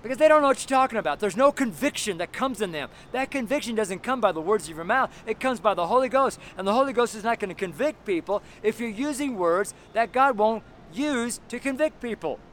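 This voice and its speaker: Fervent high-voiced man preaching on a street. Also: animated, fairly quick, hardly any pauses. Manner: loud, blunt and fervent, talking to passers-by. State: tired. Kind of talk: outdoor street sermon. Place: city street with walls around. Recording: faint city street noise. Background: traffic and street noise.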